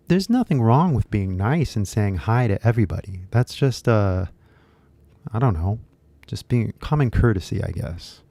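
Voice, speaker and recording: A man's voice: on the low side, vocal fry, warm tone, dry recording. A man with a Californian accent, an accent teacher talking casually to camera in a rambling, chatty way with many fillers. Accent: Californian English.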